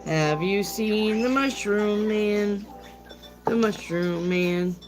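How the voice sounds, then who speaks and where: A woman's voice: medium pitch, slow pace, darkish tone, soft background music. An older woman hosting a tarot livestream, chatting casually and affectionately, greeting viewers by name.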